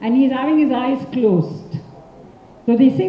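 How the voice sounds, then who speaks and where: A woman with an Indian English accent who tells a story to a large audience in an expressive, interactive way and prompts them for answers. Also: high-pitched, measured pace, a little hiss or hum. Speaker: professional storyteller, speaker. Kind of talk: interactive oral storytelling talk. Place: large conference hall. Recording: echoey hall from far off, dull sound.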